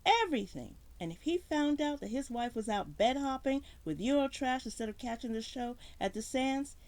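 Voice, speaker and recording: A woman's voice: high voice, lively intonation, moderate pace, darkish tone, voice pushed up. A woman voicing a big, threatening male mob enforcer with clipped tough-guy talk. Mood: menacing.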